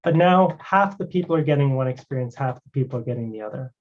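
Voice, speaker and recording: A man walking through a live technical demo as a guest presenter, talking casually and filling pauses with "you know" and "right". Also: mid-range voice, animated. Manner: conversational, many fillers like "you know" and "right". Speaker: guest presenter demoing a cloud product. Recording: dull lo-fi stream audio.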